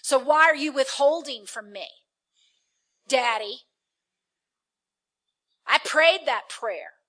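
A woman's voice: sits high, animated, slow pace, bright, forceful tone, exaggerated voice. A woman acting as an indignant elder brother. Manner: indignant, complaining, listing his deeds. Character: resentful, self-righteous elder brother, adult man.

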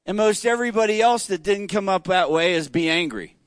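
A man's voice: high-pitched, fairly quick, clear, resonant tone, dry recording. A man teaching an interactive church Bible study, asking the group questions in a conversational, emphatic way.

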